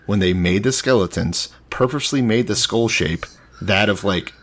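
A man co-hosting a podcast, chatting casually with teasing, deadpan jokes. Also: on the low side, moderate pace, heavy background noise. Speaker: podcast co-host.

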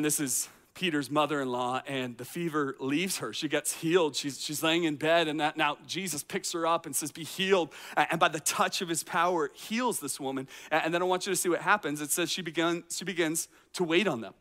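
A man's voice: fairly high pitch, a little fast, fairly bright tone. A man, a teaching pastor, preaching a sermon in a conversational way, full of rhetorical questions and acted-out reactions. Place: outdoor courtyard.

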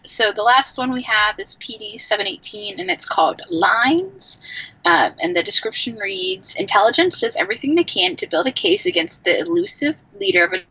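Bright, husky woman on a dull dry mic. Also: mid-range voice. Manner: emphatic, full of questions. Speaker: podcast co-host. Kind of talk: casual fan chat.

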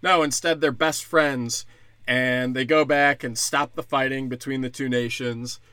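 A man's voice: medium pitch, steady tone, measured pace, bright, forceful tone, clear, resonant tone, no room sound. A man ranting in a casual, comedic way as a podcast host, sarcastic and profane.

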